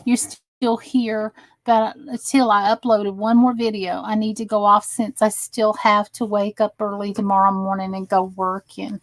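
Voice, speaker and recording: A woman's voice: medium pitch, little pitch movement, unhurried, no echo, low-quality recording. A tired woman chatting casually with viewers while she crafts on a live stream. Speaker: crafting livestream host.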